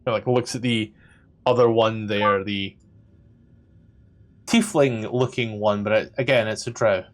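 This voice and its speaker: A man running a tabletop game as dungeon master, describing scenes in a halting way with lots of fillers. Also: lowish voice, fairly even intonation. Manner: halting description full of "like" and "kinda".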